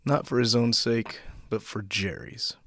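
A man hosting a story podcast, reading a short story aloud after relaxed, self-deprecating remarks. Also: medium pitch, unhurried, no echo, studio quality. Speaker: podcast host and narrator.

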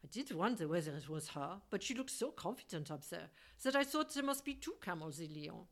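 A woman reading an audiobook, voicing a refined, unflappable middle-aged gentleman who speaks politely and calmly. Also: lowish voice, fairly quick. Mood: courteous. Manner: polite, composed and courteous.

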